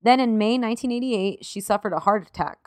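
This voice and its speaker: A woman's voice: fairly high pitch, fast, no room sound, clean studio sound. A woman co-hosting a podcast, telling a story from notes in casual chat, laughing and swearing freely. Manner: emotional, swears freely, laughs through tears. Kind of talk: casual chat, partly read narration.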